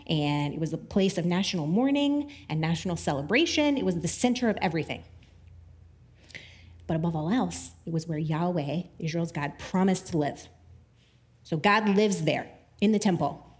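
A woman gives a casual, chatty Bible teaching at a medium pitch. She is animated, uses lots of "like" fillers and laughs often.

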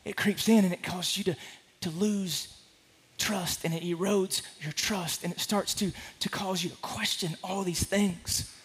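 A man preaching a sermon to a congregation, impassioned, swinging from hushed to loud. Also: high-pitched, fairly even intonation, unhurried, husky. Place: large room with a congregation.

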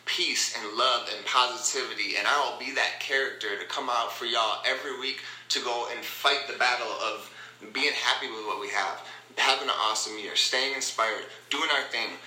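A man hosts a motivational podcast, talking casually in an upbeat, rambling way and repeating his phrases. His voice is mid-range with a sharp tone, and the low-quality recording sounds roomy.

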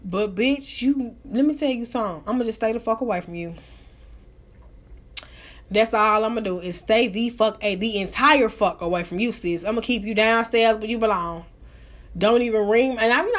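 A woman with a high voice holds forth on a live stream, ranting and cursing as she tells her story. She sounds hyped up and animated, swearing freely throughout. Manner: profane, animated, hype.

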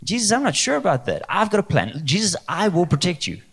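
A man's voice: sits high, wildly swooping pitch, fast, breathy edge, voice pushed up, full character voice. A man voicing a brash, overconfident male disciple who boasts and blusters. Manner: cocky, eager, blustering.

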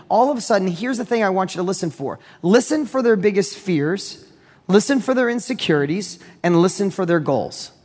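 A man giving a motivational business talk, telling a deal story in an energetic, direct, repetitive way. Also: high voice, in a large hall. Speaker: real estate investor and business speaker.

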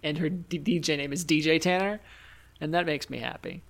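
A podcast host chatting loosely with friends, mid-pitched and easygoing. The talk rambles and is broken up by frequent laughs. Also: brisk, vocal fry. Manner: playful, laughs often, rambling. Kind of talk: casual chat.

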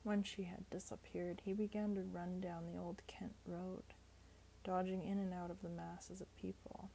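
A woman narrating an audiobook in a steady, measured reading voice. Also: lowish voice, creaky, slight background noise, low-quality recording.

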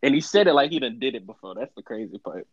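A man's voice: mid-range voice, quick pace, husky, no echo, dull audio. A man in casual sports chat, telling stories with lots of laughter and acted-out quotes. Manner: animated storyteller, laughs often, acts out quotes.

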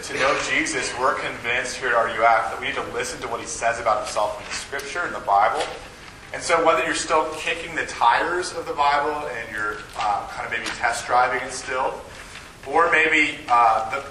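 Bright, joking preacher in echoey room. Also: male voice, mid-range voice, slight background noise. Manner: joking, chatty, self-deprecating. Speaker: campus ministry preacher. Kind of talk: informal sermon. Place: meeting room with an audience. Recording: echoey room, mic at a distance.

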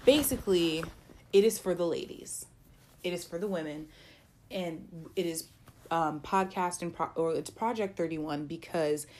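A woman's voice: sits low, a little mellow. A young adult woman hosting a casual faith podcast, talking in a chatty, encouraging way with lots of fillers and some playful scolding. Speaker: podcast host.

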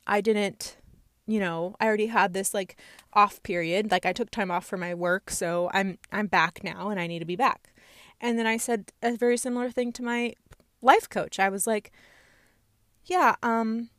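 A woman's voice: medium pitch, steady tone, moderate pace, fairly bright tone, dry recording. A woman candidly telling a personal story in a reflective way, with many fillers.

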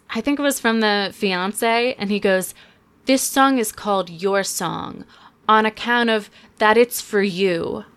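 A young woman hosting a podcast, chatting casually and sarcastically about a movie with quick asides. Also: mid-range voice, fairly bright tone, clean tone. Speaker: podcast host. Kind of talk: casual chat, movie review.

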